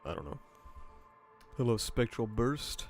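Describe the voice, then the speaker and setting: This twenty-something streamer, nose stuffed up, hangs out with his livestream audience in a relaxed way, greeting chatters by name, laughing and cursing. His medium-pitched voice swings widely in pitch at a measured pace. Game soundtrack music runs in the background.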